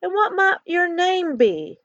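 A woman's voice: extremely high pitch, big pitch swings, slow, fairly bright tone, dry recording, voice pushed up, exaggerated voice. A woman voicing a friendly young cowgirl who speaks sweetly and soothingly. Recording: dull lo-fi recording.

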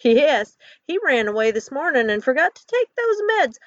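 A woman's voice: high-pitched, very animated, moderate pace, no room sound, pitched above the performer's own voice. A woman voicing a friendly young cowgirl who speaks sweetly and soothingly. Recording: dull lo-fi recording.

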